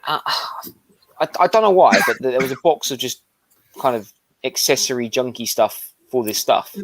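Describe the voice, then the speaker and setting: A man co-hosting a casual toy livestream, telling car boot stories in a relaxed, halting way. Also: mid-range voice. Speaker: toy show co-host.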